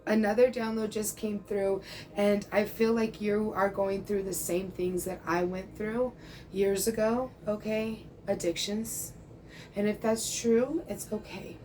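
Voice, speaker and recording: A woman's voice: mid-range voice, steady tone, a little slow, warm tone, poor audio. Chatty woman giving a tarot reading. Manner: chatty, frequent "okay?" and "bro", reassuring. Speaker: tarot reader.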